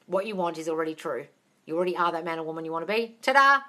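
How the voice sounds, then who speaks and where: A woman's voice: low voice, racing. A woman hosting a live-stream Q&A as a manifestation coach on a phone. She talks chattily and emphatically, calls her viewers darling and laughs often.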